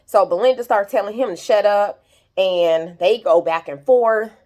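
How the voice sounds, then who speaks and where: A woman's voice: medium pitch, measured pace, a little mellow. A young woman recapping a TV episode in casual, gossipy chat, talking straight to her viewers and acting out the characters' lines. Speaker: YouTube show recapper. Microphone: compact camera.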